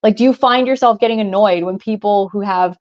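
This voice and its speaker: A woman's voice: mid-range voice, brisk, darkish tone, lo-fi sound. A young woman co-hosting a podcast, telling a story in a chatty way, with lots of filler words. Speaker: podcast co-host. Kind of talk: casual chat.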